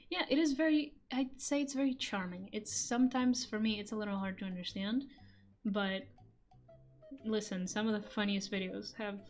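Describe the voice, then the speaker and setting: A woman's voice: medium pitch, a little mellow. A young woman from Europe with a European accent, chatting casually with her stream audience, laughing often and swearing now and then. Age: young adult. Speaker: streamer and voice actor. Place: home room. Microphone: microphone on a desk stand.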